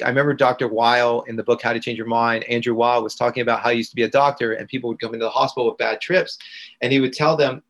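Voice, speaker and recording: A man, a podcast guest, telling a long personal story in an earnest, halting way with fillers and restarts. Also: mid-range voice, fairly bright tone, poor audio. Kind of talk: storytelling in a conversation.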